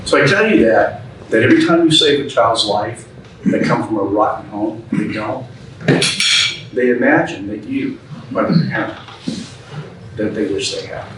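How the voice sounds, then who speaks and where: An animated man with a mid-range voice talks at a moderate pace, pausing often, with background noise in an echoey room far from the mic. He's a guest speaker giving a club talk, telling a plainspoken, folksy story and acting out the dialogue.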